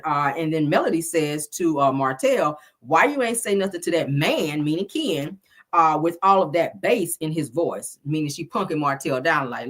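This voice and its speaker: A middle-aged woman talks through a reality show recap in a sassy, chatty way. Her voice sits fairly low and sounds a little stuffy from a cold. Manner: chatty, sassy, says "child" and "y'all" a lot. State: slightly congested from a cold. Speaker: reality TV review host. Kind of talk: casual recap commentary.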